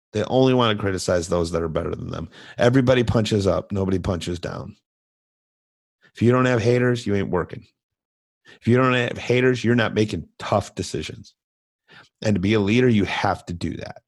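A man's voice: fairly low pitch, creaky. A middle-aged man, a coach hosting his own show, giving blunt motivational talk with lots of repetition and emphasis. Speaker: coach and podcast host.

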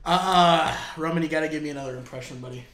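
A man's voice: on the high side, fairly even intonation, rapid-fire, background noise. A young man hosting a podcast in casual chat, joking, teasing and laughing often, in an echoey room. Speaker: podcast host.

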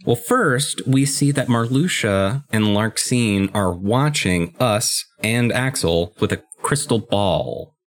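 Deep-voiced young man chatting about games. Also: slow, hardly any pauses. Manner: relaxed, explains strategy in long run-on sentences. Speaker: podcast co-host. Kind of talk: casual chat about a video game.

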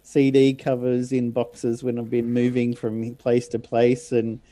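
A man's voice: mid-range voice, monotone, measured pace, dark tone. A man chatting casually on a podcast and making wry, joking asides. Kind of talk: casual chat.

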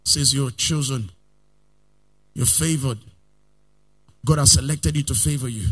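A male pastor preaching a sermon, swinging between loud outbursts and quiet asides, sometimes in a sing-song cadence and calling on his listeners to repeat after him. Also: medium pitch, measured pace, slightly rough. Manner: calls the congregation to repeat lines after him.

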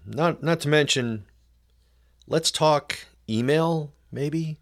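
A man's voice: a little high, takes it slowly. A male show host giving a sarcastic political commentary monologue, often calling his listeners folks.

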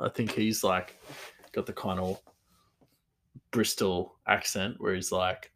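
A man's voice: sits low, little pitch movement, slow, long pauses, a bit bright, slight background noise. A man talking casually on his own, rambling and easygoing, with frequent laughter in his talk. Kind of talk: casual monologue.

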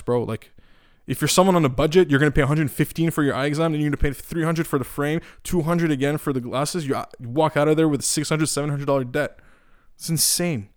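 A young Eastern European man rants casually, swearing a lot and filling his talk with restarts and filler words in an animated, profane way. His voice sits fairly high, and the studio-quality recording has no room sound.

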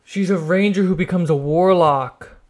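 Quick-talking man, slightly higher voice. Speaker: podcast co-host. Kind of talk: casual chat.

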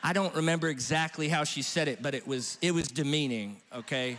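Middle-aged pastor in a reverberant hall. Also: male voice, a little high, fairly quick, a bit bright. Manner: conversational, self-mocking, chatty with the congregation. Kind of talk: humorous storytelling sermon. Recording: long reverb of a large hall.

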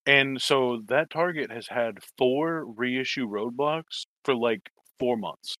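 A man's voice: mid-range voice, slow, pushed and bright, dry recording. A man telling a long story in casual chat, swearing and rambling, acting out quoted lines. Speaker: toy collector telling a story.

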